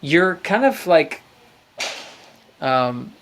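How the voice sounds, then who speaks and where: Speaking extremely slowly yet very animated, this host has a fairly high, slightly bright voice. On his live call-in show he muses on faith and therapy, turning preachy and citing scripture.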